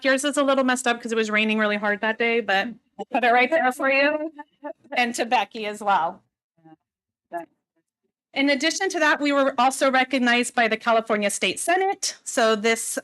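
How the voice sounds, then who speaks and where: A woman's voice: a little high, normal speed, clean tone. Woman giving board meeting announcements. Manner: warm, slightly emotional, with many "um"s. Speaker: school district administrator.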